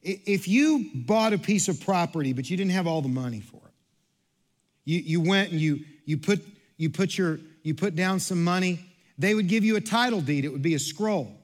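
A man with a high voice delivers a sermon to his church. He repeats phrases and restarts often. His delivery swings from hushed, low stretches to loud, rising passages. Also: animated, moderate pace. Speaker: pastor.

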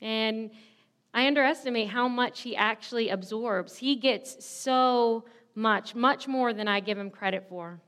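A woman's voice: fairly high pitch, unhurried, fairly bright tone. A woman in her thirties preaching a sermon, telling a candid personal story in a self-deprecating way. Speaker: pastor.

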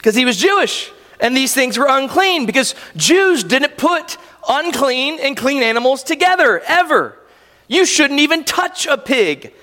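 A man's voice: extremely high pitch, sing-song, a little slow, sharp tone, long reverb tail. A man preaching a sermon as a pastor, telling the story vividly and with animation.

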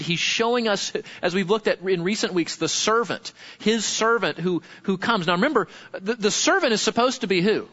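Bright, high-voiced male preacher. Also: highs cut off. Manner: lively, conversational, asks the congregation questions. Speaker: pastor. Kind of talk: sermon.

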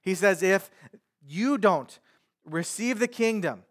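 A man's voice: high-pitched, animated, takes it slowly. A male pastor preaching a sermon in a conversational way, paraphrasing scripture in everyday speech.

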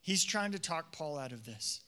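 A male pastor preaching a sermon in an animated, conversational way, acting out the voices he quotes. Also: fairly high pitch, normal speed. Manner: animated, acts out quoted voices, many fillers.

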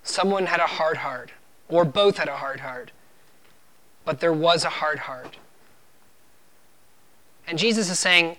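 A man's voice: fairly high pitch, a little slow, long pauses, sharp tone. A man preaching a sermon as pastor, earnest and emphatic, driving points home with firm repeated refrains.

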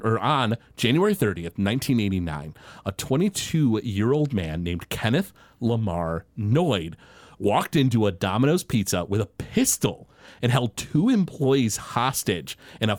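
A man's voice: on the low side, dry recording. A man co-hosting a podcast in casual chat, telling stories animatedly and laughing easily. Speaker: podcast co-host.

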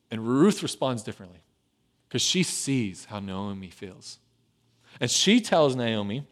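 A pastor preaches a sermon in a medium-pitched voice, dropping to a hushed, tender tone and then rising loud and urgent.

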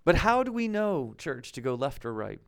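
A man's voice: a little high, sing-song, moderate pace, creaky, clear, resonant tone. A man in his thirties from the United States, preaching a conversational sermon as pastor, laughing at himself now and then.

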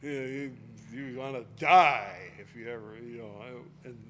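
A man's voice: mid-range voice, moderate pace, a bit bright, a little hiss or hum. Man teaching a casual Bible lesson. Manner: casual explaining, reading scripture aloud with force.

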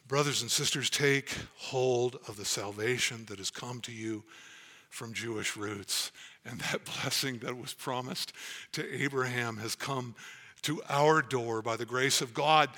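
A man's voice: medium pitch, measured pace, sharp tone. A man preaching a sermon as pastor, earnest and emphatic as he reads and explains scripture.

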